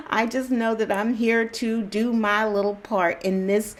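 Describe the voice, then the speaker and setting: A woman's voice: fairly high pitch, steady tone, fairly quick, hardly any pauses, darkish tone. Reassuring woman giving a casual pep talk. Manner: reassuring, repetitive, chuckles often, loose slangy phrasing. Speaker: spiritual channel host.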